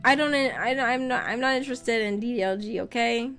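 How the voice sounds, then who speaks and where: A woman VTuber chatting casually on stream, rambling and often laughing, her voice slightly rough after being sick. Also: on the high side, brisk, a bit bright, soft background music. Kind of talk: casual live-stream chat.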